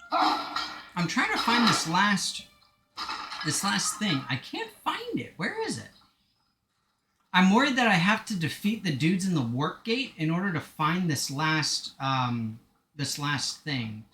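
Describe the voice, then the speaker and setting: Lively, bright-voiced man joking while gaming. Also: sits high, slow pace, roomy sound, a little hiss or hum. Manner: rambling, joking and self-mocking. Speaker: gaming streamer. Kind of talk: casual live-stream chat while playing.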